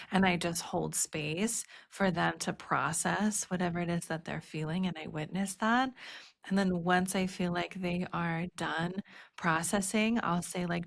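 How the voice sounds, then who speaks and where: Gravelly-voiced woman in her thirties. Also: fairly low pitch, steady tone, measured pace. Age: 30s. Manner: earnest, heavy use of "like" and "you know". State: teary, emotional. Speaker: podcast host, birth educator. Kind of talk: casual conversational chat.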